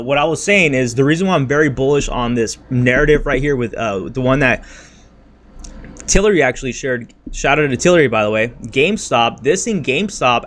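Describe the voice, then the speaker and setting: A man's voice: medium pitch, a bit bright, a little hiss or hum. A man streaming about crypto trading, talking in a blunt, slangy, frustrated way and venting about his losses. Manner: blunt and slangy, says "freaking", "bro" and "dude" often. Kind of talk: casual livestream rant and market talk.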